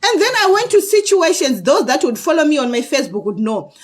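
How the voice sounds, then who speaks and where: A woman vlogger telling her personal story to camera in an earnest way, often pausing to ask "okay?" of her viewers. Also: high-pitched, very animated. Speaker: vlogger sharing personal experience.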